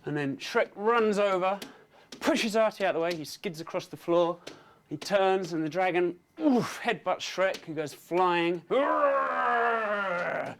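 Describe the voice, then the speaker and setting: A man narrating an animated story pitch, describing action and making sound effects. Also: moderate pace, slight background noise. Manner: dropping into low voices, making sound effects.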